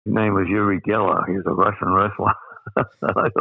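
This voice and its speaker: A man's voice: sits low, little pitch movement, moderate pace, gravelly, husky, no echo, narrow, tinny audio. An older Australian man telling rambling anecdotes as an interview guest, full of fillers. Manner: rambling, with many uh fillers and laughs. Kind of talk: anecdotal storytelling.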